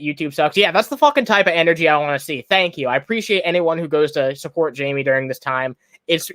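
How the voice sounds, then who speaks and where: A man with a high-leaning, fairly bright voice hosts a livestream of angry reaction commentary. He rants heatedly, swearing a lot and restarting repeatedly, in a dry recording.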